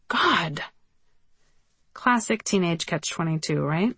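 A woman reads her memoir aloud in a wry, conversational storytelling manner. Her voice sits fairly low. The recording is dry and close, with no room sound. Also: moderate pace, dry recording. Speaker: memoir narrator. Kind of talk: audiobook memoir reading.

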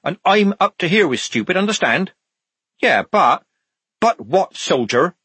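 Brief: tough young woman sergeant, sharp and commanding, lively delivery, read by a man. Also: mid-range voice, normal speed, husky, no echo, pitched above the performer's own voice. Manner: sharp, commanding, barking orders.

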